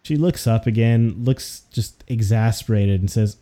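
Mellow-voiced male game master. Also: on the low side, unhurried, few pauses. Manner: relaxed, descriptive, with fillers. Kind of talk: narrating a tabletop game.

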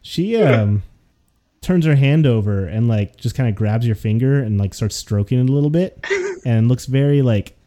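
A man acting as game master for a tabletop game describes scenes in a relaxed manner, dropping in filler words. His voice is medium in pitch.

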